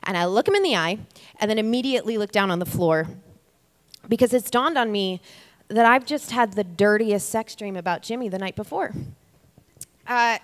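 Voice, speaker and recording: A woman's voice: medium pitch, animated, moderate pace, long pauses. A woman in her thirties telling a comic story on stage, chatty and wry, talking straight to the audience. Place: stage before a live audience. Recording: long reverb of a live venue.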